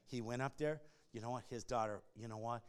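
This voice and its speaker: A male pastor preaching to a congregation, emphatic and animated, swinging between loud shouts and hushed, near-whispered passages. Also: medium pitch, a little fast, clear, resonant tone. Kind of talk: sermon. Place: church before a congregation.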